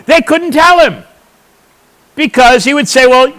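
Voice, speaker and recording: A man's voice: very high voice, moderate pace, bright, forceful tone, low-quality recording. A man teaching a church audience, explaining points emphatically and answering his own questions. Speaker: Bible teacher.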